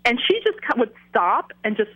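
A middle-aged woman sharing a personal testimony on Christian radio, halting with many fillers. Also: fairly high pitch, big pitch swings, slightly rough, dull audio.

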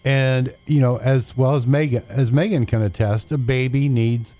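A man co-hosting a Christian radio show as a pastor, giving unhurried, fatherly advice with frequent pauses and fillers. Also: mid-range voice, fairly even intonation, dark tone. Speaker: pastor and co-host. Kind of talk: casual Christian radio talk.

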